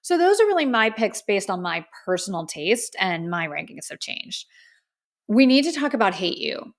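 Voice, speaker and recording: A woman hosts a casual music review podcast in an effusive, heartfelt way. Her voice has a gravelly, vocal-fry edge and sits at a middling pitch. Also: sing-song, moderate pace. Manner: effusive and heartfelt, often says "like". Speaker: podcast host.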